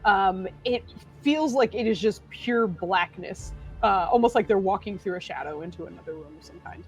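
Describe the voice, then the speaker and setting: Lively, chatty woman dungeon master. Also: mid-range voice, normal speed, faint music behind. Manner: chatty, full of fillers and laughter. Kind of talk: narrating a tabletop game. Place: home streaming setup.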